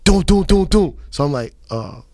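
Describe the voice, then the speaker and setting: Lively New York radio host telling stories. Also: male voice, fairly high pitch, normal speed, no room sound, studio quality. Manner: animated storyteller, loud put-on voices for people in his stories. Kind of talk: casual interview chat.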